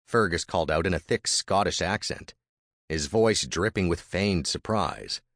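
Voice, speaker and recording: Deep-voiced man narrating a story. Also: a little slow, fairly bright tone, no room sound, studio quality. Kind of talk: first-person audiobook narration.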